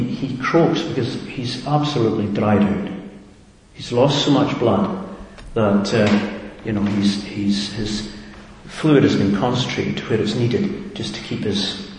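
A man with a fairly low voice preaches a reflective sermon and keeps asking his listeners questions. His voice rings out in a big hall with long reverb and a faint hiss underneath. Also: a little mellow.

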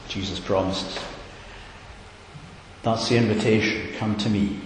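A man preaches in a low, earnest voice that builds to emphatic repeated questions. His voice rings with a long echo off a large hall. A faint hiss runs beneath it. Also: fairly even intonation, normal speed. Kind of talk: sermon. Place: church hall.

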